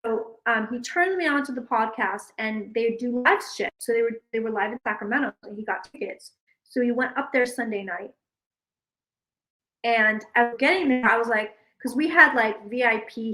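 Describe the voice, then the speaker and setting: A woman's voice: on the high side, moderate pace, a bit bright, low-quality recording. A woman psychic vlogger chatting casually and rambling to her viewers, swearing freely.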